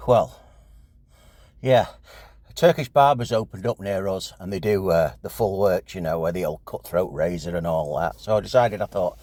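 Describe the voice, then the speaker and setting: A man's voice: deep voice, normal speed, a little mellow, dry recording. A man talking to camera in a casual, jokey, self-mocking vlog. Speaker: vlog co-host.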